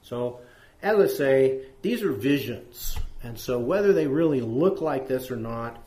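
A man's voice: mid-range voice, expressive, a little slow, dark tone. Brief: man, Bible study leader, conversational, questions to group, reads scripture, echoey room. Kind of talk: interactive Bible study teaching.

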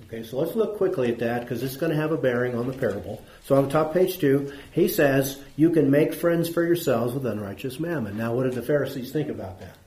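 A man's voice: medium pitch, fast, hardly any pauses, darkish tone. A man teaching a conversational Bible lesson to an audience, asking questions and repeating points for emphasis. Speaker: preacher teaching a Bible class. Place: church room with audience. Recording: echoey room.

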